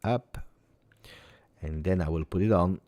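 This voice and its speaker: A man hosting a football chat show, talking in an animated, rambling way and often repeating himself. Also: low voice, measured pace, no room sound. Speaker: football channel host. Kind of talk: casual chat.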